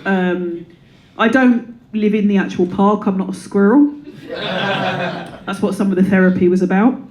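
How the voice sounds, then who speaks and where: A woman's voice: medium pitch, fairly even intonation, a little slow, darkish tone, a little hiss or hum, poor audio. A woman in her thirties performing a stand-up comedy set, playful and self-deprecating, slipping into silly voices. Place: comedy club before a live audience. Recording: live room with audience laughter.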